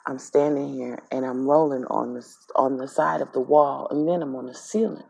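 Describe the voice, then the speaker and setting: A woman's voice: a bass voice, steady tone, normal speed, creaky, warm tone, breathy edge. A woman from Mississippi with a Southern accent, animatedly retelling a dream in casual storytelling style. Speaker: spiritual vlogger.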